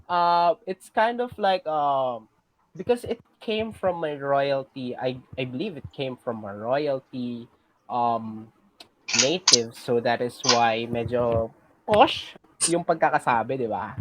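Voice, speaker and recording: A teacher with a Filipino accent giving a class lesson, patiently checking in with students and pausing on fillers. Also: mid-range voice, low-quality recording. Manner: patient, checks in with "okay?" often; hesitant, many fillers and restarts.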